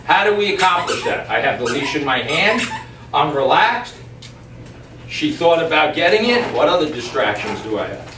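A man training a dog on camera, explaining each step calmly and emphatically and breaking off to speak to the dog. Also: fairly high pitch, normal speed. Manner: calm, emphatic, talks to the dog in between. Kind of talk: on-the-spot training demonstration. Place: yard and doorway of a house. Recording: distant, echoey camera audio with background noise.

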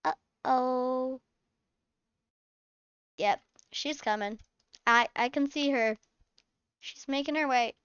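A woman with a high, bright voice talks slowly and plays a fussing, scolding mom. The sound is dry and somewhat dull, like a lo-fi home recording. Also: smooth, dry recording. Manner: chatty, mothering, scolding. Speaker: channel host playing a mom. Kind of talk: casual game role-play narration.

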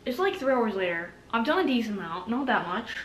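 A woman's voice: on the high side, very animated, a little fast, very noisy. A young woman vlogging casually at home, scattered and self-mocking. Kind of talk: casual talking to camera. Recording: echoey room with faint ambience.

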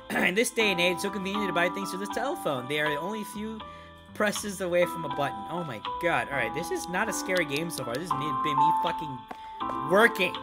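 A woman narrating her own horror game playthrough, loud and excitable, her pitch leaping all over as she swears and laughs. Game music plays clearly underneath her voice throughout. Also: brisk. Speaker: gaming video host. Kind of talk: horror game let's play commentary.

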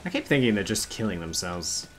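A man's voice: lowish voice, sing-song, brisk, a little hiss or hum. A man streaming a video game, joking and sarcastic with the characters, laughing often and swearing in casual commentary.

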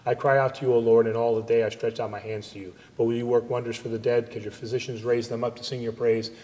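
A man serving as liturgical reader, reciting psalms in a steady, even manner at a church service. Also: medium pitch, quick pace. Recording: long church reverb on a livestream.

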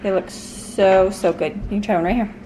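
A middle-aged mother films a home vlog on a handheld camera in her kitchen and basement, chatting cheerfully and upbeat in a steady tone at a moderate pace. She talks to her dogs in a high sing-song voice, and the home recording is noisy.

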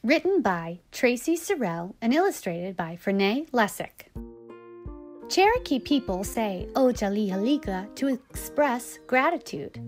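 A woman plays a cheerful puppet reading buddy with a fairly high, bright voice. She reads a children's picture book aloud in a gentle, teacherly way. Clear music plays behind her, like in a kids' show. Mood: storytelling. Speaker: storyteller, show host.

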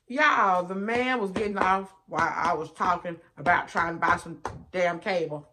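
A woman's voice: mid-range voice, measured pace, sharp tone. A woman, chatting casually to her viewers while she eats. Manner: chatty, addresses viewers as y'all and honey. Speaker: mukbang vlogger. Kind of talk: casual storytelling while eating.

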